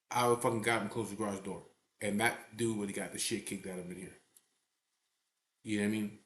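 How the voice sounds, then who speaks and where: Low-voiced blunt man in echoey garage. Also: steady tone, fairly quick, pauses often, fairly bright tone. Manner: blunt, profane, keeps saying "you know what I mean". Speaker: biker club member telling a story. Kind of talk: casual storytelling. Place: garage hangout. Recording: echoey room.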